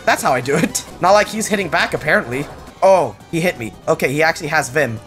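Excitable young man commenting on gameplay. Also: on the high side, fast talker, soft background music. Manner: excitable, jokey, yelps at surprises. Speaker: gaming channel host.

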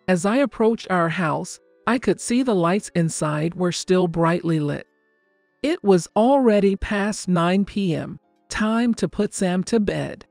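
Gravelly older woman narrating a story. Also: on the low side, darkish tone, no room sound. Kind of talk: scripted first-person story narration. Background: faint background music.

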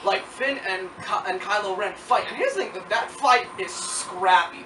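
A movie reviewer talking casually and excitably, rambling with lots of "like" and acting out quotes. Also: medium pitch, distant mic. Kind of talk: casual film review chat. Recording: echoey room from off-mic with noise.

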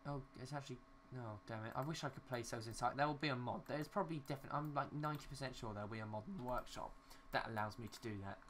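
A young gaming YouTuber with a mid-range, slightly bright voice talks rapid-fire, barely pausing, over a faint hiss or hum. Building in a city game, he rambles casually to himself and swears mildly at glitches.

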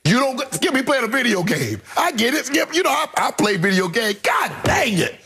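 A man with a raspy, high-sitting voice argues his case on a sports debate show. His pitch leaps up and down as he stresses and repeats his points with heat. He sounds middle-aged and fired up. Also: sing-song, fairly quick, bright, forceful tone, soft background music. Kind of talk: heated opinion commentary.

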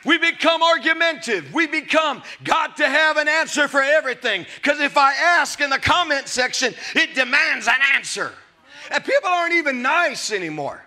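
A man in his fifties preaching a sermon to a live congregation, emphatic and often shouting, with jokey storytelling. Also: very high-pitched, lively intonation, moderate pace. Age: 50s. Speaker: pastor. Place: church service before a live congregation.

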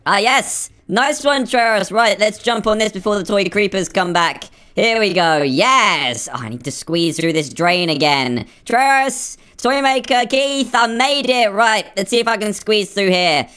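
Male gamer, voice pitched up by a filter, jumpy and excitable. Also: normal speed, hardly any pauses, clear, resonant tone. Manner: excitable, jittery, nervous exclamations. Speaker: gaming video creator. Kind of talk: playing through a game adventure.

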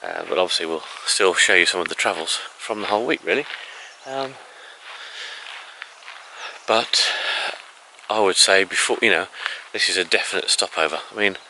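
A man's voice: low-pitched, expressive, normal speed, bright, forceful tone, a little hiss or hum, poor audio. A man chatting casually through a travel vlog outdoors in the countryside, rambling a little and laughing now and then. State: out of breath. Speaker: vlogger.

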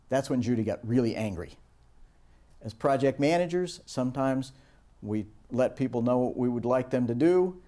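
A middle-aged man giving a recorded lesson on project teamwork, telling stories and acting out the quoted voices at a higher pitch. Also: lively intonation, normal speed, mellow. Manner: storytelling, acts out quoted voices with raised pitch. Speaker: instructor.

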